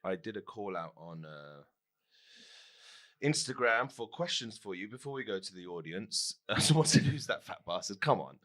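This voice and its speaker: A man's voice: on the low side, expressive, moderate pace, fairly bright tone. A man co-hosting a live comedy podcast, giggly, playful and self-deprecating. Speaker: podcast co-host and improv performer. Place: comedy venue stage before a live audience.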